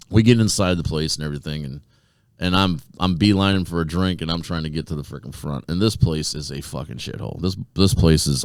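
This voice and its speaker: A man with a deep, low voice tells a rowdy story on a podcast, swearing freely as he goes. The sound is dry and close, with no room around it. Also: smooth, dry recording. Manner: profane, lively anecdote-telling. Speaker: podcast co-host. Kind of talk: casual storytelling chat.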